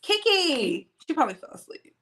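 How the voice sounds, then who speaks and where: A woman hosts a casual livestream, her voice sitting very high and bright with a sharp edge. She talks in an animated, teasing way, trash-talking playfully and breaking into laughter often. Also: normal speed. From Southern United States. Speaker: livestream host. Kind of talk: casual livestream chat with audience.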